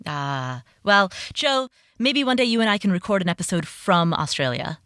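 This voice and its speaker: A woman hosting a podcast in a casual chat, playful and quick to laugh. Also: lowish voice, big pitch swings, a bit bright, clear, resonant tone, dry recording, studio quality. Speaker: podcast host.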